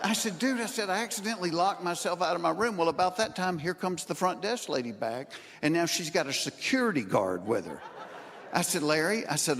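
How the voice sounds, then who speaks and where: A man doing stand-up, telling a long story and acting out the quoted lines, sometimes building to shouted punchlines. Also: fairly high pitch, big pitch swings, brisk, background noise. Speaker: stand-up comedian. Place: stage in front of a live audience. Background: audience laughter.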